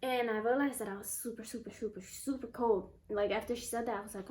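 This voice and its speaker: A young woman vlogger telling a personal story in a chatty, animated way and acting out what others said. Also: a little high, fast, a little hiss or hum. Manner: chatty, animated, acts out quotes. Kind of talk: casual storytelling to camera.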